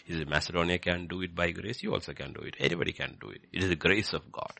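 A man preaching a sermon, animated and repetitive, building to emphatic peaks. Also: low voice, quick pace, vocal fry, no room sound.

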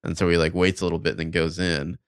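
A man's voice: low voice, flat delivery, fast, clear, resonant tone, no echo, studio quality. A man casually recapping a movie as a podcast co-host, laid-back and a little hesitant.

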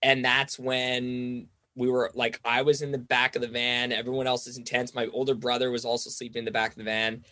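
A man's voice: mid-range voice, little pitch movement, fairly quick, hardly any pauses, bright, forceful tone, no room sound. A young man telling a long story in casual chat, rambling with lots of "like" and acting out the voices of the people in it. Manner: rambling, says "like" constantly, acts out quoted voices.

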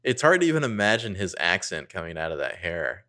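A man with a very low voice co-hosting a podcast, trading wry, sardonic remarks in loose casual chat. He swears offhandedly and keeps things relaxed. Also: a little fast. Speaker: podcast co-host.

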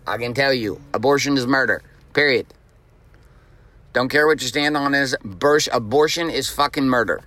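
A man's voice: mid-range voice, normal speed, sharp tone, dry recording. A man in his forties hosting a motivational podcast, talking bluntly and emphatically, with frequent profanity. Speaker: podcast host.

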